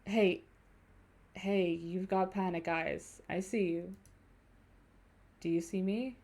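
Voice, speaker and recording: A woman's voice: on the low side, steady tone, slow pace, darkish tone. Woman reading as a scared pleading passenger. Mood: coaxing. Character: frightened young passenger pleading for a ride.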